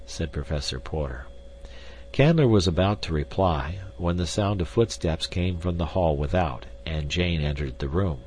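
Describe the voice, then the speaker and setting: A man narrating a classic novel as an audiobook, with an expressive, varied reading. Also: a bass voice, moderate pace, a little hiss or hum.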